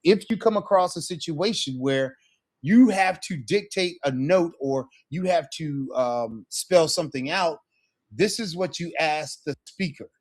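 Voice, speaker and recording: A man's voice: a little high, lively intonation, measured pace. A man teaching a live Spanish lesson, encouraging his student and checking in with frequent questions.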